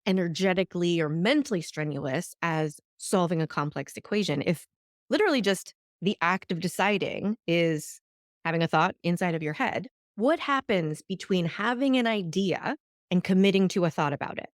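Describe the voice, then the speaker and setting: A woman hosting a solo podcast, teaching in an animated way and acting out the voices she quotes. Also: on the low side, normal speed, no room sound, clean studio sound. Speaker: podcast host.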